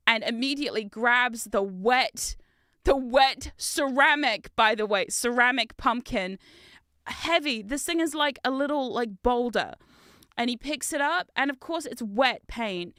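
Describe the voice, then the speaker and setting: A young woman streamer chats casually and rambles through family stories. Her voice is bright and crisp, a touch high, heard close up in a dry space. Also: no room sound. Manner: chatty, rambling storyteller with laughs and fillers. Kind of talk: casual chat while building.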